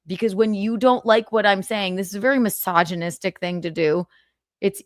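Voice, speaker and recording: A woman's voice: medium pitch, normal speed, no echo, studio quality. Sarcastic woman mocking her rival. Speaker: livestream host. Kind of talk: heated livestream argument.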